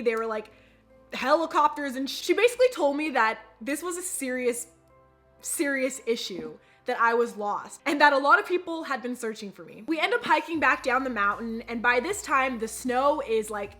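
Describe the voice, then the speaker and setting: A young woman telling a storytime vlog to the camera, chatty and animated, talking straight to her viewers. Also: high voice. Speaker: vlogger.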